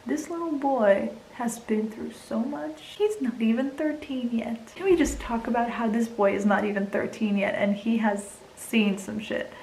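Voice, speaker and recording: A woman's voice: fairly high pitch, moderate pace, creaky, few pauses, a little mellow, roomy sound, a little hiss or hum, rough recording. A young woman vlogging casually about a book she just read, emotional and teary, laughing often and dropping into whispers. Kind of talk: casual reading vlog.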